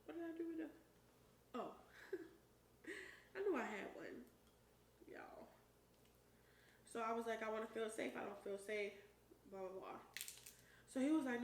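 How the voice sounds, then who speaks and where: Animated woman vlogger, roomy and distant. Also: on the high side, unhurried, long pauses. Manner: animated, emphatic, profane storytelling with shouted quotes. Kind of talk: storytime while eating on camera. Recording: roomy echo, voice a bit far from the mic, faint noise.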